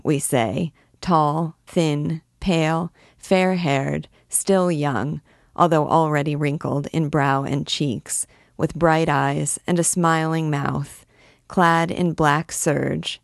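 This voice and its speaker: A woman reading a classic novel aloud, measured and expressive, lifting her voice for quoted shouts. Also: deep voice, no room sound, studio quality. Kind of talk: read-aloud narration.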